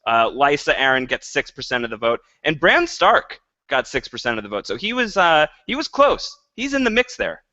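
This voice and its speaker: A man's voice: fairly high pitch, big pitch swings, moderate pace, few pauses, pushed and bright, no room sound. A man co-hosting a podcast in casual chat, playful and mock-dramatic. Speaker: podcast co-host. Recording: dull lo-fi podcast audio.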